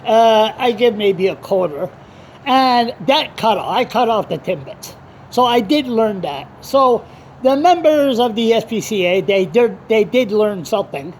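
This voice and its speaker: A blogger with a high-pitched, animated voice talks straight to camera in a rambling, unscripted, casual monologue, blunt and quick to swear. He drifts between his story and chatting with his dog, while passing vehicles hum faintly behind him.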